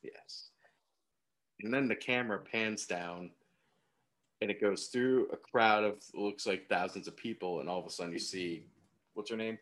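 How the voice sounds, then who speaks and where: A man's voice: fairly low pitch, normal speed, long pauses, fairly bright tone. A man co-hosting a podcast, chiming in with short recap comments and laughing often. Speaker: podcast co-host. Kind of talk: casual movie recap chat.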